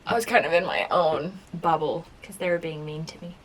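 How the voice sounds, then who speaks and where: A woman recalling her time as a game show contestant in a casual reaction video, chatty and full of filler words, sometimes dropping to a soft whisper. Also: low voice, fairly quick, a little hiss or hum. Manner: chatty storytelling, lots of filler "like".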